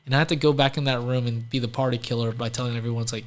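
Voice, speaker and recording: Very fast but steady in tone, a mid-range male voice belongs to a Louisiana entrepreneur guesting on an interview. He spins chatty, casual stories, leans heavily on "like," and impersonates whoever he's quoting.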